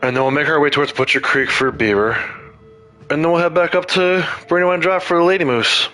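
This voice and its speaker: A man's voice: fairly high pitch, fairly quick, sharp tone, faint music behind. A man giving casual, chatty commentary to viewers while playing a game on a livestream.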